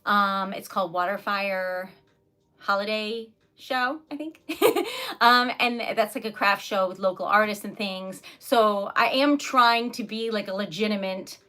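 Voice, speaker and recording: A young woman with a Rhode Island accent chats casually with viewers on a livestream, speaking at an unhurried pace in a medium-pitched voice that sounds pushed and bright. She's a poet and craft seller, giggly and easily sidetracked.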